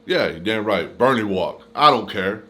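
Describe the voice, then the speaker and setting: A man with a somewhat low-pitched voice tells a personal story straight to his camera. His talk is casual and full of slang. He acts out the dialogue of the people in the story as he goes. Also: normal speed. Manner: slangy, animated retelling with quoted dialogue. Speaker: YouTuber telling a story. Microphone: camera mic.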